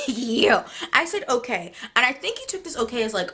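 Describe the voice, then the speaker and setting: A teenage girl talks straight to her viewers in a casual storytime vlog. Her pitch jumps all over as she acts out both sides of a text chat, and she laughs through her own story. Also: very animated, fairly quick, few pauses, pushed and bright, slight background noise. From United States. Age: teens. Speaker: vlogger.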